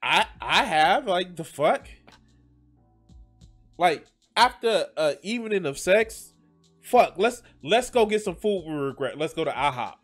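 A man's voice: high voice, very animated, measured pace, a bit bright, faint music behind. A man reacting to a video as a streamer, rambling and swearing with lots of restarts and jokes. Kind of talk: reaction commentary.

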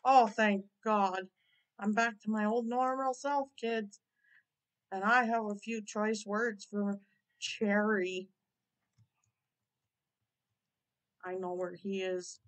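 A woman voicing a grumpy, quick-tempered bald male math teacher in his forties, indignant and threatening. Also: medium pitch, steady tone, pitched below the performer's own voice, natural voice, poor audio. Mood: scolding.

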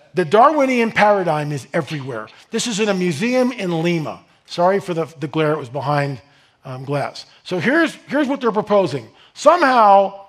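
A middle-aged man giving an animated lecture to a live audience, rambling with restarts and asides, rising to near-shouts on his rhetorical questions. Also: sits high. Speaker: speaker presenting a slide lecture.

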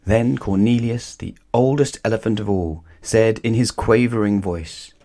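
A man reading a children's bedtime story aloud in a calm, measured way. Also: lowish voice.

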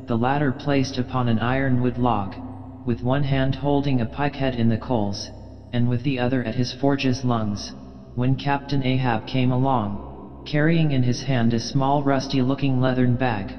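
A man narrating a classic novel as an audiobook, in a measured, even manner. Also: medium pitch, long reverb tail, dull audio, faint music behind.

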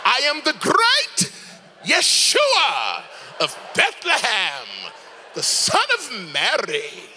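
A man preacher voicing a pompous male holy figure in a slow, theatrical mock-British accent. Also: very high-pitched, huge pitch swings, pushed and bright, slight background noise, voice pushed up, heavily acted.

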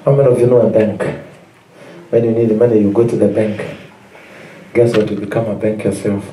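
A man's voice: fairly low pitch, fairly even intonation, fairly quick, dark tone, a little hiss or hum. A man with a Kenyan accent preaching a sermon as pastor, in call-and-response style with repeated phrases. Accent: Kenyan English. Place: church hall. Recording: roomy, distant church recording.

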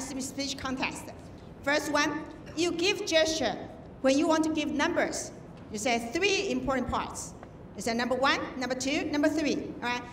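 High woman judge, echoey hall. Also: slight background noise. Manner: instructive, demonstrating with examples. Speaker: contest judge. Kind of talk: feedback speech to students. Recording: echoey hall, distant mic.

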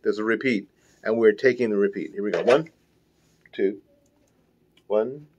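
A man's voice: on the low side, normal speed, a little mellow, muffled recording. A man teaching an online music lesson, talking in a chatty, encouraging way with rambling asides.

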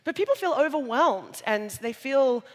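A woman's voice: sits high, expressive, normal speed. A woman with an Australian accent giving a conference keynote on stage, conversational and jokey, with playful asides to the audience. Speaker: conference speaker. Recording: live talk in a large reverberant hall.

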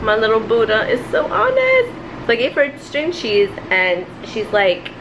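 A woman vlogging her family day, talking in an expressive, excitable way and dropping in Spanish phrases. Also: fairly high pitch, unhurried, background noise. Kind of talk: casual daily vlog. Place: home, then outside in a parking lot.

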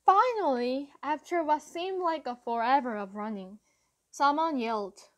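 A woman reading a first-person story aloud as an audiobook narrator, retelling a chase in a lively, breathless way. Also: high-pitched, measured pace, dry recording.

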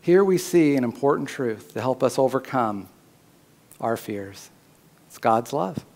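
A man preaching a sermon as pastor in a church, his voice climbing higher and louder when he voices God's words. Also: lively intonation, measured pace. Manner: preaching, rising loud and high when voicing God's words.

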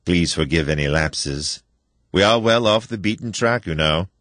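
A cultivated older general, polite and unhurried, with a quiet menace under his hospitality. A man puts him on while reading the story aloud, his voice low and expressive, with a rising, falling lilt. The recording is close and dry, with no room sound. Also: no echo. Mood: suave. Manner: courteous, measured, slow menace. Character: suave aristocratic older male hunter general.

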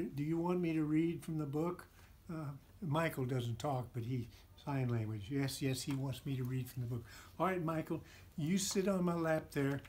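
Pirate-captain storyteller reading to kids; man, playful, slightly high. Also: a little mellow, a little hiss or hum. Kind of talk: children's read-aloud.

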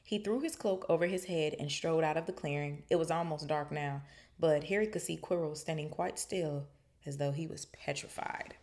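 A woman's voice: low voice, normal speed. A woman podcast host reading a novel aloud and breaking off for joking, slangy commentary. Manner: animated, joking asides in casual slang. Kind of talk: book reading with casual commentary.

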